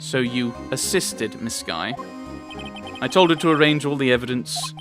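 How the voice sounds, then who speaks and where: Playing a courtroom game with music in the background, a man reads the characters' dialogue aloud in his own voice as a let's player and rants about the plot. His pitch is medium and his pace moderate.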